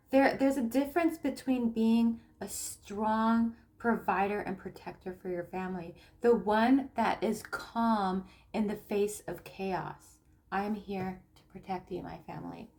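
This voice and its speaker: A woman talking casually to camera as a spiritual coach and tarot reader. She speaks haltingly, with many restarts and fillers, and lets phrase endings sink to a low murmur. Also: vocal fry, a little mellow.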